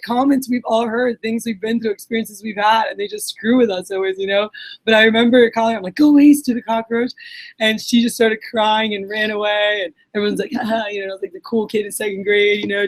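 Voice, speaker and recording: A woman in her late twenties from Puerto Rico gives a candid, chatty talk at an event. She tells personal stories loosely, with plenty of fillers, and acts out what people said along the way. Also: medium pitch. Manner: candid, animated storytelling with fillers and acted quotes. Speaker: speaker. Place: event hall.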